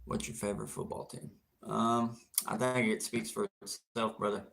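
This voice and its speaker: A man's voice: fairly low pitch, flat delivery, normal speed, vocal fry, a bit bright. A young man hosting an outdoors livestream, answering viewer comments in a brash, teasing, profane way with frequent laughter.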